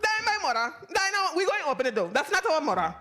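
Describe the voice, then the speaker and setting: A woman's voice: sits high, very animated, fast talker, fairly bright tone. A woman voicing frightened young children in a folktale. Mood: alarmed.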